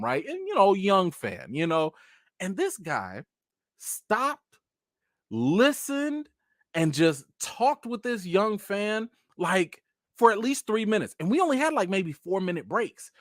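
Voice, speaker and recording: Animated man telling stories to his viewers. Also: high voice, unhurried, no room sound, clean studio sound. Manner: animated storytelling, addresses viewers as "y'all". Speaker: channel host. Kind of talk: casual live chat recap.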